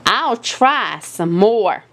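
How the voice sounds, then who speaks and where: A woman voicing a clumsy, eager little girl rabbit in a storybook read-aloud, with excited childlike squeals. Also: medium pitch, drawn-out words, slight background noise, exaggerated voice.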